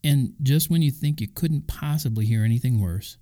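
A man's voice: mid-range voice, moderate pace, mellow. A man hosting a Christian talk, speaking conversationally with casual asides and the odd chuckle. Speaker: Christian podcast host.

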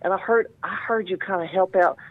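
A man's voice: high-pitched, brisk, no room sound, pitched above the performer's own voice, close to an everyday voice. A man voicing a brash, taunting villainous cowboy who mocks everyone and calls them boy. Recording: tinny phone-like line.

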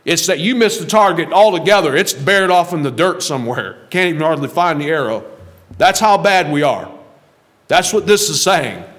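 A pastor preaches a sermon to his congregation in a conversational style, posing rhetorical questions and chuckling now and then. His slightly high voice has lively intonation, a moderate pace and a bit of brightness.

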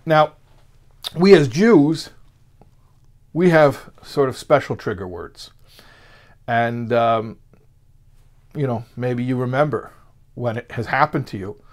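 A man's voice: mid-range voice, lively intonation, slow pace, long pauses. Man giving a conversational Torah lesson. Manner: conversational, with many fillers and restarts. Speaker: Torah teacher. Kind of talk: spoken lecture.

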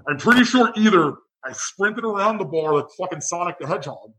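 Male bartender, high voice, profane animated storyteller. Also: fairly quick, rough recording. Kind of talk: casual storytelling chat.

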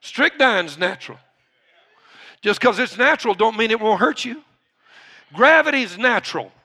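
A male pastor preaching a sermon, slowing down to stress key points and building up to shouting. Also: high voice. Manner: emphatic, builds from quiet to shouting; slows down to stress key words.

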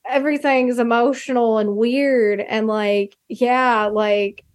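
A young woman chats casually on a podcast, gushing with feeling and often breaking off mid-phrase before starting again. Her voice sits somewhat high and is recorded dry and close. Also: steady tone, slow, dry recording. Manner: gushing, emotional, talks in fits and starts. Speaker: filmmaker guest.

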